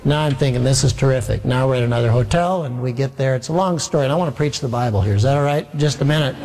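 A pastor with a medium-pitched, rapid-fire voice tells a long, humorous story in a sermon, animatedly acting out the dialogue and poking fun at himself. Slight background noise and a long hall reverb fill the recording.

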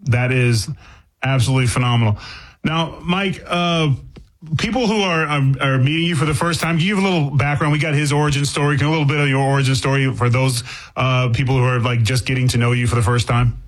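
A man's voice: medium pitch, fairly even intonation, fast talker, low-quality recording. A man from Boston hosting a casual radio interview, asking loose, restarting questions. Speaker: radio host.

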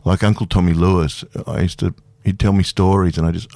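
A man's voice: deep voice, steady tone, fairly quick, gravelly, dark tone, no echo. A man in his fifties, a guest speaking candidly and self-deprecatingly in a casual radio interview, laughing easily. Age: 50s. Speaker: guest performer.

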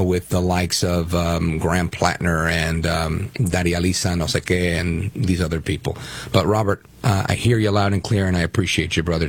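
A Brooklyn, New York man guest-hosts a political talk radio show, speaking emphatically and conversationally as he takes callers. His voice is low and gravelly with a breathy edge.

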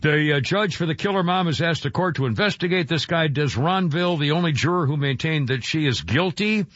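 A man's voice: on the high side, expressive, a little fast, a bit bright, no room sound. A man in his seventies hosting a talk radio show, rambling and chuckling with lots of restarts. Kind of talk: casual talk radio chat. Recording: dull lo-fi radio broadcast, dry.

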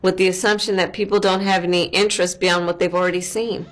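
A woman's voice: lowish voice, level tone, quick pace. A woman in a played clip explaining an idea earnestly.

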